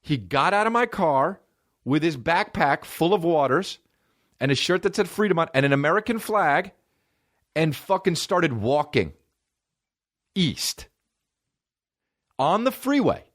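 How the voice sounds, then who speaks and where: A man hosting a podcast, telling comedic stories in a profane, animated way and acting out the people he quotes. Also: fairly high pitch, unhurried, long pauses. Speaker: podcast host. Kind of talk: comedic storytelling.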